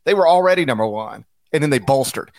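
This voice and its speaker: A man's voice: medium pitch, dry recording, studio quality. Chatty male basketball podcast analyst. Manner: animated, chatty, with restarts and quick asides. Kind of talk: casual podcast chat.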